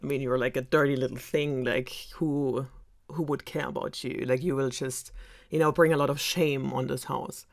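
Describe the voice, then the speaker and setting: A woman's voice: extremely low pitch, steady tone, normal speed, creaky. A young woman with a German accent voicing a haughty, scornful stepmother in a fairytale retelling. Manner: dismissive, sneering.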